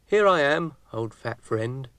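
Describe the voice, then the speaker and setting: A man's voice: mid-range voice, animated, slow, fairly bright tone, no echo, voice pushed up. A man voicing a put-upon male snail who whines and pities himself. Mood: whiny. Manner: plaintive, self-pitying.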